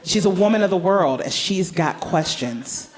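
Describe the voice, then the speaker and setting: A woman's voice: on the low side, expressive, moderate pace. A woman comedian telling a family story on stage in a stand-up set, with big swings between voices. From United States. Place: theater stage with live audience.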